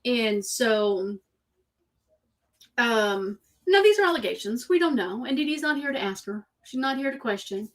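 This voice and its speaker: A woman's voice: a little high, animated, unhurried. A woman hosts a show in a casual, opinionated way. She talks emphatically and drives her points home by repeating them. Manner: emphatic, repeats herself for effect. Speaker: host.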